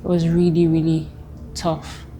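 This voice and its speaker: A Nigerian woman giving a personal testimony, speaking haltingly with emotional pauses. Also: fairly low pitch, a little mellow, faint music behind. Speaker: testimony guest.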